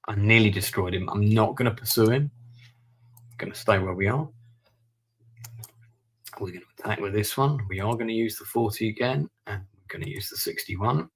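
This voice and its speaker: A man's voice: lowish voice, normal speed, long pauses, a bit bright. A man streaming a strategy war game, thinking aloud and muttering over his moves as he plays. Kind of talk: live-stream gameplay commentary.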